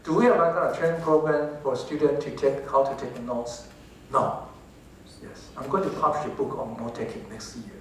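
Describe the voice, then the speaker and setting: A man's voice: mid-range voice, moderate pace. A man with a Taiwanese accent gives a lecture to teachers, often asking the audience rhetorical questions and repeating his words. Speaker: professor giving a talk on English teaching. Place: large lecture hall. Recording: very echoey hall, distant from the mic, faint noise.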